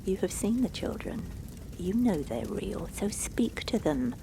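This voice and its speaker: A woman voicing a brisk, stern old male leprechaun who talks formally and barks orders. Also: mid-range voice, very animated, background noise. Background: music.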